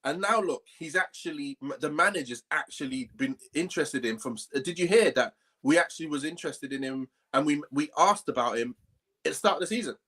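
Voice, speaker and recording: Earnest football pundit, higher voice. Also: male voice, expressive, fairly quick, pushed and bright, slightly rough. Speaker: podcast co-host. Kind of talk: casual football chat.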